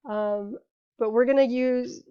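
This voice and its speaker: A woman's voice: on the high side, fairly even intonation, slow pace, clean tone. Patient teacher woman, muffled lo-fi. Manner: patient, checks in often with "okay?" and "right?". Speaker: Spanish teacher. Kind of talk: recorded lesson explaining grammar.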